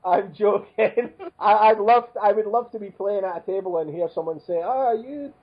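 A man's voice: high voice, fairly even intonation, brisk, slightly rough, muffled recording. A man co-hosting a podcast, joking around in an easygoing, casual way. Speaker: podcast co-host. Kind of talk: casual chat.

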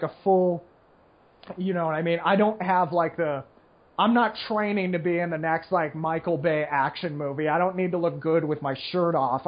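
A man who plays poker, talking in a casual, rambling monologue with many fillers, checking in with "right?" as he goes. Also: a little high. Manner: rambling, filler-heavy, keeps asking "right?"; mocks complainers in whiny put-on voices. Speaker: poker player. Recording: slightly muffled lo-fi recording.

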